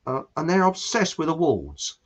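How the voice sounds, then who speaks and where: A man's voice: on the high side, wildly swooping pitch, normal speed. An older man hosting a rambling, jokey monologue, chatty and often breaking off his own story. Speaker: host. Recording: dull lo-fi sound.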